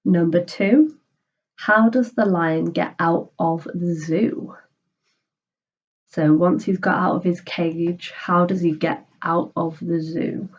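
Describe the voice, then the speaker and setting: Give me a patient woman teacher reading a children's story slowly, muffled lo-fi sound. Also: on the low side, fairly even intonation, slightly rough. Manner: slow, patient, explains simply. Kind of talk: reading a children's book aloud and explaining it.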